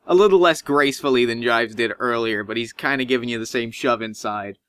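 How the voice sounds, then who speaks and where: Bright-voiced male game master. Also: fairly quick, smooth, dry recording. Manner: animated, swings pitch when describing. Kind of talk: narrating a tabletop game.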